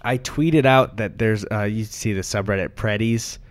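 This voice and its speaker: A man's voice: fairly low pitch, moderate pace, no room sound. A young man co-hosting a podcast, telling rambling stories in casual chat and laughing often. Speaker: podcast co-host.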